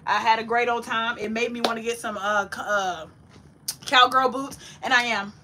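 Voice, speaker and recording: Bright, high-voiced woman chatting on a cooking livestream. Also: moderate pace, a little hiss or hum. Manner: chatty, animated, talks to viewers, sassy Southern-flavored slang. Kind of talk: casual livestream chat while cooking. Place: home kitchen. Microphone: ring light setup.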